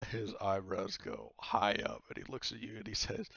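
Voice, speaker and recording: A man narrating a tabletop game as game master, lively and peppered with "uh" and "he kinda". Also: lowish voice, moderate pace, creaky, dry recording, highs cut off. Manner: lively, with frequent "uh" and "he kinda" between actions.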